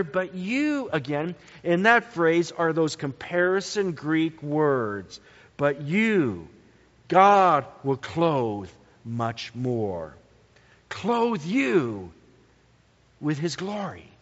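A man preaching a sermon slowly and emphatically, his pitch swinging widely to stress key words. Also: sing-song, a bit bright. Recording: dull lo-fi sound in a reverberant hall.

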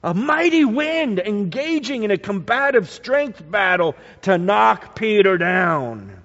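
A man preaching a sermon, slow and dramatic, swinging from loud to hushed. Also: sits high, big pitch swings. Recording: dull lo-fi sound with long hall reverb.

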